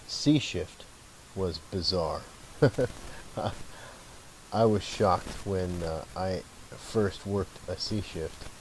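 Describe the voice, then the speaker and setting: A man, a former fire lieutenant, telling stories from the firehouse in a relaxed, reminiscing way with an occasional chuckle. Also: deep voice, slight background noise, low-quality recording. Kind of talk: casual spoken storytelling.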